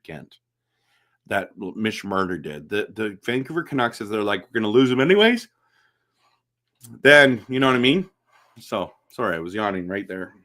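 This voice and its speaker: A man hosting a casual live stream, reading chat comments aloud and answering them in an animated, chatty way with frequent restarts. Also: on the low side. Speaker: livestream host reading chat.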